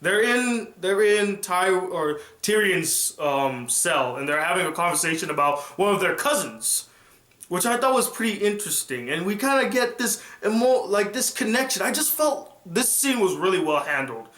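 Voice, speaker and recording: Excitable man reviewing TV, high voice. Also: moderate pace, reverberant. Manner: animated, excitable retelling. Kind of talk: casual reaction review.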